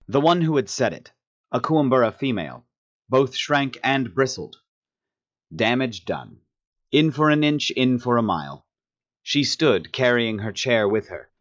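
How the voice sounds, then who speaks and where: A man narrating a science fiction audiobook with steady storytelling. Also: mid-range voice, highs cut off. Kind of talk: scripted narration of a sci-fi story.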